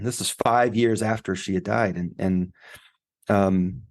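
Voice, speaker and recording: A man who coaches and writes, telling a personal story in an interview in a heartfelt, emotional way that grows animated in the retelling. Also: fairly low pitch, a little slow. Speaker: guest, grief coach and author.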